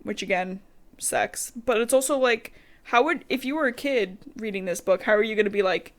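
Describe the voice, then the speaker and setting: A woman's voice: mid-range voice, moderate pace. Woman podcast co-host, casual recap, chatty and sweary, lots of quoted asides. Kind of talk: casual book recap chat.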